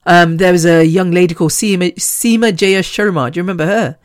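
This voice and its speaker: A woman in her fifties hosts a podcast in a casual monologue, her lowish voice brisk and chatty as she rambles, swears freely, and laughs between sentences. The recording is studio quality with no echo.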